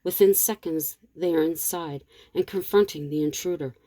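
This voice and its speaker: A woman reading a story aloud as narrator in a steady, measured way. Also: low voice, no echo.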